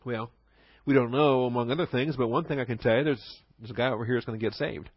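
A man's voice: mid-range voice, fairly even intonation, quick pace, husky, no room sound, muffled recording. Seorang pendeta pria menyampaikan khotbah pendalaman Alkitab dengan gaya santai dan bercakap, sering menyelipkan candaan dan tawa kecil. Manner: conversational, joking asides with chuckles. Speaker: pastor. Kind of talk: sermon.

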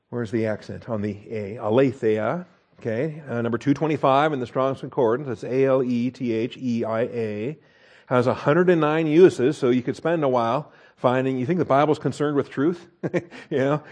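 A man's voice: mid-range voice, darkish tone. Male preacher, chatty Bible teaching, reads verses aloud, explains Greek grammar, folksy asides. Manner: folksy, chuckles at the text, frequent "okay?" checks with listeners. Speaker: pastor. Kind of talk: conversational Bible teaching sermon. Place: church.

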